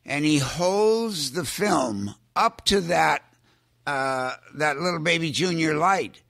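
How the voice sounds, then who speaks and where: An older man telling show-business anecdotes in an unhurried way, chuckling and dropping his voice low when he quotes people. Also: animated, gravelly, a bit bright, dry recording, clean studio sound. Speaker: guest actor telling stories. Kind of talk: anecdotal storytelling.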